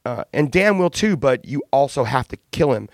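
A man, a band's frontman, telling candid, animated studio stories in a casual interview, with swearing and laughs. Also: medium pitch, normal speed, gravelly, no echo. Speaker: band frontman and singer.

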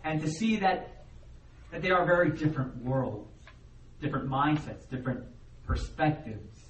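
A man preaching a sermon as the pastor, in a conversational, animated way, and he acts out the voices of the people he quotes. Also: high voice. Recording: roomy echo, heard from a distance, faint background noise.

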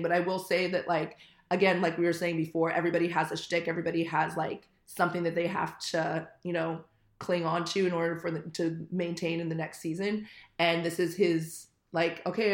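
A woman's voice: on the low side, roomy sound. A woman co-hosting a casual reality-TV recap chat, talking candidly with many fillers and blunt swearing. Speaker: podcast co-host.

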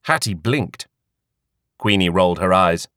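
A man narrating an audiobook in an expressive storytelling manner. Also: on the low side, moderate pace, dry recording, clean studio sound. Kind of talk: scripted narration.

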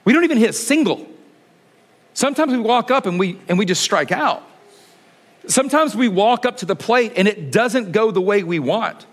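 At an ordinary pace, an expressive male pastor gives a conversational sermon. He asks one rhetorical question after another and frequently softens into a quiet, low voice for emphasis.

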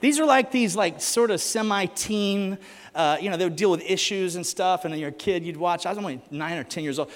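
Animated male preacher, high voice, joking storyteller, echoey church hall, faint music. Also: a little fast. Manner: animated, joking, asks the crowd questions. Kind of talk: sermon with humorous stories.

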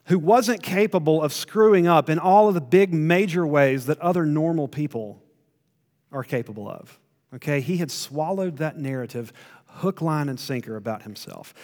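A man preaching a sermon, retelling a story with emphatic rises and quiet drops. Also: on the high side, long reverb tail. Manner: storytelling, rising to emphatic then dropping to quiet.

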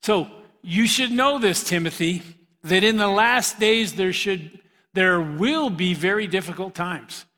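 A middle-aged man teaches the Bible to young people in a loose, chatty sermon and laughs at his own jokes as he goes. His voice is bright and sits a little high. It rings out in a large hall with a long reverb. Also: measured pace. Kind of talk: casual preaching to a youth group.

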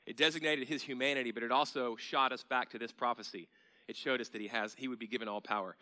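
A pastor preaching a sermon, earnest and emphatic, asking rhetorical questions and repeating key phrases for emphasis. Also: male voice, mid-range voice, quick pace, sharp tone.

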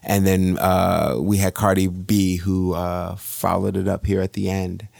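A man's voice: low voice, flat delivery, measured pace, gravelly, a little mellow, no echo. A man hosting a podcast, chatting loosely with lots of fillers and swearing. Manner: loose, filler-heavy, profane. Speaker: podcast host. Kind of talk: casual chat.

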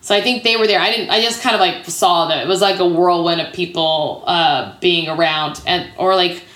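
A woman's voice: on the low side, steady tone, moderate pace, fairly bright tone. Chatty woman guest with a roomy echo. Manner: chatty, peppered with "like". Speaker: podcast guest, improv comedian. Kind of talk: casual storytelling interview.

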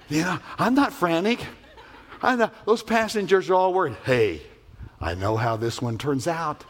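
A man preaching a sermon as pastor, emphatic and animated, telling stories with vivid sound effects. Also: medium pitch, measured pace, slight background noise.

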